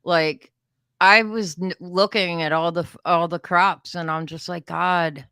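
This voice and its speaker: A woman from the Philadelphia area co-hosting a podcast, telling anecdotes in a casual, lively, profane way. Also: fairly low pitch, measured pace, clean tone, no echo. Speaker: podcast co-host. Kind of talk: casual chat.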